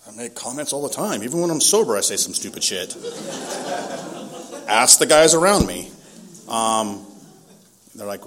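A man's voice: medium pitch, sing-song, a little slow, pauses often, fairly bright tone. A man in his forties from Southern California giving a candid, self-deprecating recovery testimony at a meeting, often laughing at himself.

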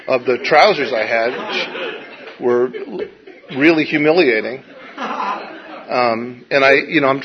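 A man's voice: medium pitch, breathy edge. Wry middle-aged man telling his story. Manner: wry, self-deprecating, halting with restarts. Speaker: speaker sharing a recovery story. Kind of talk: personal storytelling to a live audience. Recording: dull lo-fi recording.

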